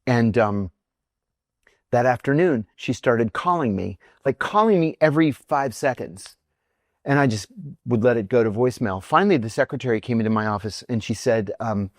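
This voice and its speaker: A man's voice: medium pitch, moderate pace, no room sound, clean studio sound. A middle-aged man from near Pittsburgh, speaking as a guest and telling personal stories bluntly and with animation in a casual interview. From near Pittsburgh, USA. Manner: animated storyteller, blunt, acts out quoted voices.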